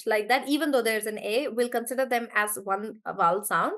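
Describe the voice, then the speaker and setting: A woman teaching English pronunciation in a live class, repeating each word slowly to model the stress and calling on students by name. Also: on the high side, a bit bright. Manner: calls on students by name and checks in with them.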